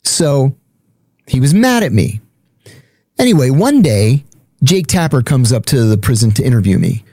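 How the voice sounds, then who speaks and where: Blunt man telling a story, dark tone. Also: mid-range voice, big pitch swings, moderate pace, no echo, clean studio sound. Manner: blunt, profane, matter-of-fact. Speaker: podcast guest. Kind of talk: casual storytelling.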